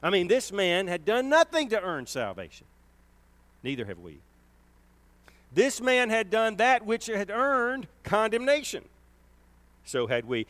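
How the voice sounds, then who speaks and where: A male preacher delivering a sermon with a lively, animated voice that climbs high on the words he stresses. He talks slowly and deliberately, leaning on key phrases. The sound is dry and close, with no room echo. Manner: emphatic, swells and slows on key words.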